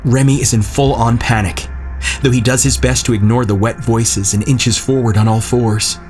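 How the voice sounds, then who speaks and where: A man narrating a scripted horror story in a measured, tense way. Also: mid-range voice, fairly even intonation, a little mellow, soft background music.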